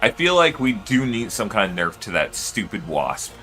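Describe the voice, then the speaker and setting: A man's voice: on the low side, big pitch swings, normal speed, sharp tone, soft background music. A man streaming and chatting casually, rambling with lots of fillers and loose swearing. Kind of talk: casual livestream chat.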